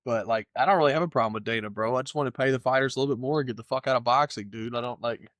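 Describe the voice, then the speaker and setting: Profane, rambling podcast co-host, dry sound. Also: male voice, mid-range voice, very fast, fairly bright tone, no echo. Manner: loose, profane, rambling, does impressions of fighters. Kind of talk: casual chat.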